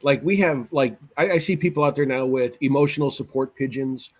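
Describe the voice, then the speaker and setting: A man's voice: mid-range voice, fairly quick. A man hosting a casual podcast chat, opinionated and joking, often restarting his sentences.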